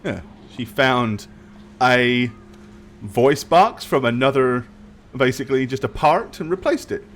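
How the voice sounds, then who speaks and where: A man narrating as game master, describing scenes with hesitant pauses and restarts. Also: medium pitch, lively intonation, a bit bright.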